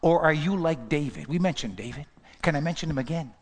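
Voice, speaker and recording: A high-voiced man preaching to his congregation, driving his points home with rhetorical questions. His voice rings out with a long reverb through the church. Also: expressive, brisk. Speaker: pastor. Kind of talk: sermon.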